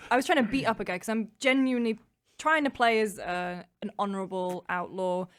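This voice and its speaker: A woman guest on a podcast, telling a lively anecdote in casual chat. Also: medium pitch, a little fast, clear, resonant tone.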